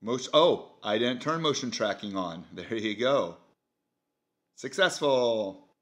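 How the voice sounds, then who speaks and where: A man talks through a gadget demo in an easygoing, think-aloud way, with the odd filler. His voice is bright and forceful at a mid pitch. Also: lively intonation, takes it slowly. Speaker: product reviewer. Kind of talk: casual product demo.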